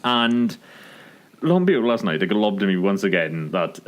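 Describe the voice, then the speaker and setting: Low-voiced excitable man. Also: normal speed. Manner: excitable, heavy use of "like" fillers. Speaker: podcast co-host. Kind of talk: casual chat.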